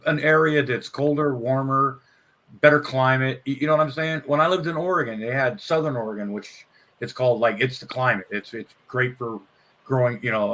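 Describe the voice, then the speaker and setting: A man telling crude stories in casual chat, laughing and swearing as he talks. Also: medium pitch. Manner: laughing, swearing, animated storytelling.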